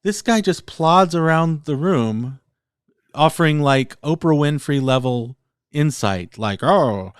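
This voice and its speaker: A man's voice: fairly high pitch, animated, a little slow, clean tone, no echo. Man cohosting a podcast, picky and critical, lots of likes, dry close sound. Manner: critical, hedging with many fillers. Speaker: podcast co-host. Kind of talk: casual critical chat.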